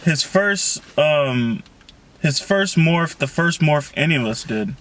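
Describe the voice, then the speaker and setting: A man reading the lines of a calm, matter-of-fact teenage boy from a novel. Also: fairly high pitch, slow, far from the mic.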